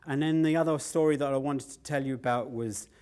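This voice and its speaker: An older man does live standup storytelling, telling his tales loosely and with plenty of swearing, often laughing at them himself. His mid-range voice has a darkish, clean tone and moves a little fast.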